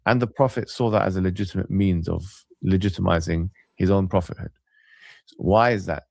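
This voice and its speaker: A man's voice: low voice, brisk, vocal fry, a little mellow, no echo. A man arguing insistently in a debate call, repeating himself to press his point. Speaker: debate show host.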